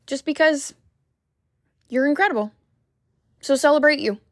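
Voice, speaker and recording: A woman's voice: high voice, moderate pace, dry recording, studio quality. A woman wellness coach giving a heartfelt, emphatic motivational talk to the camera.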